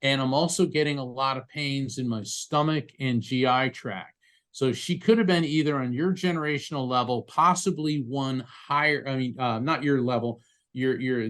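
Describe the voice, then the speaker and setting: A man appearing as a guest, a psychic medium, talking earnestly and telling animated stories in a conversational interview. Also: mid-range voice.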